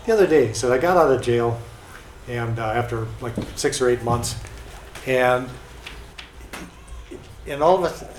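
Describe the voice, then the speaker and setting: A man's voice: mid-range voice, unhurried, pauses often. A man casually telling stories about people he has met, with many fillers and restarts. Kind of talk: casual storytelling. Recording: echoey room with faint noise.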